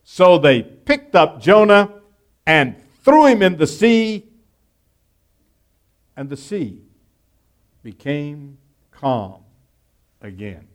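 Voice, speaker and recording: A man preaching a sermon, reading scripture aloud and explaining it word by word, with emphatic stress that swings between loud and quiet. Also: a little high, very animated, drawn-out words, pauses often. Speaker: pastor.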